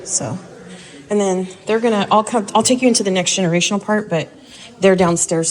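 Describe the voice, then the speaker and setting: A woman chats her way through a walk-through of an empty house, her voice sitting at an ordinary middle pitch. She thinks aloud, hedges her guesses, and keeps a relaxed, conversational tone. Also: a little fast. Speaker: vlogger giving a house tour. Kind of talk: casual walk-through narration.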